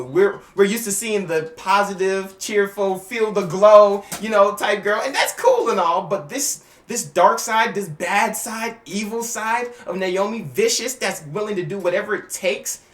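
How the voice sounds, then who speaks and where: An excitable man chats through his predictions in slangy, casual speech, with a lively pitch that jumps around. His voice rings in a roomy, echoey space. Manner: animated, slangy, excitable, acts out scenes. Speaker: YouTuber giving wrestling predictions.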